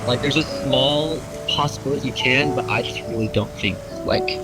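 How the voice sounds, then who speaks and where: Man, hesitant apologetic speech, fillers, medium-low pitch, loud music under it. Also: normal speed, low-quality recording. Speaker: friend on a call. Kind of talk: casual phone chat.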